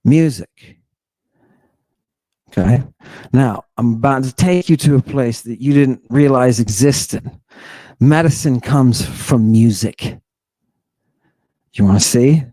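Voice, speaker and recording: A man hosting a podcast, giving an animated lecture in a casual, slangy way and firing rhetorical questions at his listeners. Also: mid-range voice, slow, long pauses, no echo. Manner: emphatic, peppered with rhetorical questions to the audience; casual slang, teasing a co-host. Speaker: host lecturing on ancient texts.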